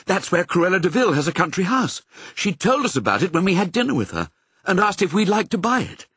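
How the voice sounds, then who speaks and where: Man doing a breathless storybook lady, husky, swooping pitch, dry sound. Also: very animated, a little fast, fairly bright tone, no echo, heavily acted. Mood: eager. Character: gentle lady dog owner, startled. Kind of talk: audiobook reading.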